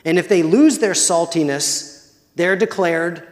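A man preaching a sermon as pastor, measured and deliberate, sometimes putting questions to the congregation. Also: a little high. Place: church. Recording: long hall reverb.

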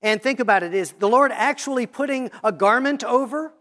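Deliberate preacher teaching through scripture. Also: medium pitch, a bit bright. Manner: reads scripture slowly and deliberately, then explains; teacherly, points out repeated themes. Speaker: pastor. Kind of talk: expository sermon.

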